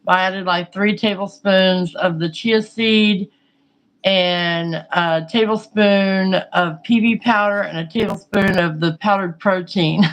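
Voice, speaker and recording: A woman's voice: mid-range voice, fairly even intonation, takes it slowly, low-quality recording. A woman chatting casually and frankly, rambling through a story with lots of fillers. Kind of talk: casual chat.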